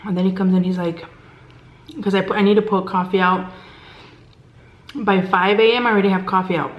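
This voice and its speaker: In an echoey room, a woman vlogger tells a casual work anecdote at a fairly quick clip, her pitch sitting in the middle. She brings others' words to life with animated impressions and lowers to a hushed whisper during the tense moments.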